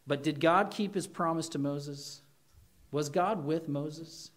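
High-voiced man preaching animatedly. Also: slow pace. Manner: animated preaching with emphatic rises and quoted voices. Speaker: pastor. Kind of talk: sermon.

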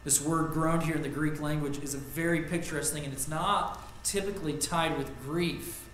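Earnest preacher with a higher voice, echoey. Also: male voice, fairly even intonation, normal speed. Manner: earnest, swings from loud emphasis to quiet. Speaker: pastor. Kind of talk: sermon. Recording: echoey room with faint ambient noise.

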